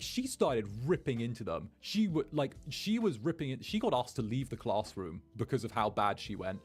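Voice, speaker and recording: A man streaming as a VTuber, telling a story in an animated, chatty way and acting out the quotes. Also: mid-range voice, normal speed, few pauses, slightly rough. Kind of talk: casual storytelling.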